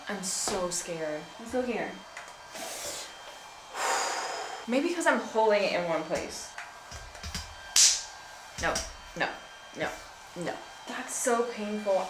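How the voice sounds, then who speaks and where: A woman's voice: mid-range voice, roomy sound, noisy background. A woman talking casually in a home vlog, playful and giggly, dramatic about small pains. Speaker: lifestyle vlogger.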